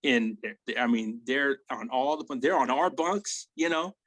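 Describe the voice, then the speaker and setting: A man in his forties tells war stories as a guest, circling back and tossing in "right?" and "you know?" after nearly every thought. He is blunt and swears easily. His voice sits at an ordinary middle pitch and sounds dry and close, with no room around it. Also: moderate pace, a bit bright, dry recording, low-quality recording. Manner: rambling, tag questions like "right?" and "you know?". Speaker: army veteran guest. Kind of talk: casual war storytelling.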